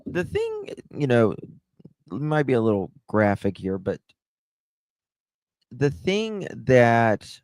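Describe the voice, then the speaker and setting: Male livestream host, slow and reflective, lowish voice, dry close sound. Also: huge pitch swings, darkish tone, no echo. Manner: slow, musing, asks viewers questions. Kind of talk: casual live commentary.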